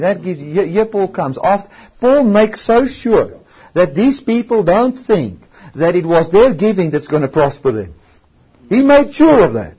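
A man preaches a sermon in a high-pitched voice with a breathy edge, emphatically stretching out key words and often restarting his sentences. The sound is lo-fi.

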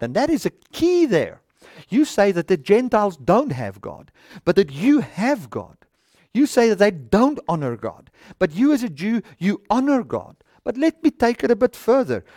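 Lively, animated male preacher. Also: high-pitched, measured pace, no room sound, clean studio sound. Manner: reads scripture aloud, then reasons through it with rhetorical questions. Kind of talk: sermon. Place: studio with a stage.

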